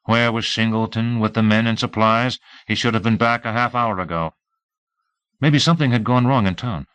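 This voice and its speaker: A man narrating a novel in a steady, measured reading. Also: on the low side, clean tone, no echo. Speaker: audiobook narrator. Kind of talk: scripted narration.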